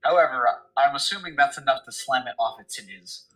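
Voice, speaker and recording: A man's voice: mid-range voice, fairly quick, a bit bright, rough recording. A man playing in a tabletop game, bantering in a dramatic, exasperated way with the group. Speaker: player. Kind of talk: casual tabletop game chat.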